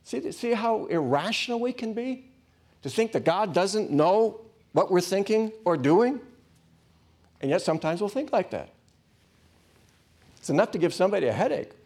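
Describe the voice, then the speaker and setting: A man preaching, telling a personal story, swinging between loud bursts and hushed asides. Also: sits high, lively intonation, normal speed, long pauses, husky. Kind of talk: sermon storytelling.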